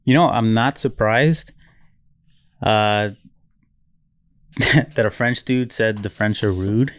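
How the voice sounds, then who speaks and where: A young man in casual podcast chat who tells stories in a relaxed, loose way with casual swearing. His voice is smooth and clear, and the recording is dry and close. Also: fairly low pitch, takes it slowly, no echo. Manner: relaxed storyteller, loose and profane. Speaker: podcast co-host.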